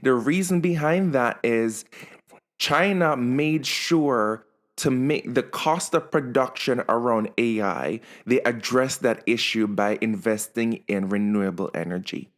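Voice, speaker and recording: A young adult man co-hosting a casual chat, explaining in a rapid, animated way with fillers. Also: mid-range voice. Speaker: co-host.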